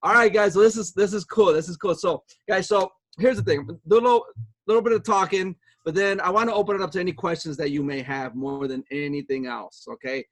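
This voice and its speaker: A man's voice: fairly quick, fairly bright tone, dry recording. A man in his fifties giving a motivational talk from home on a video call, chatty and long-winded, repeating himself as he goes. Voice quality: upbeat and chatty, high-spirited. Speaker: guest speaker on a video call. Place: home with pet dogs nearby.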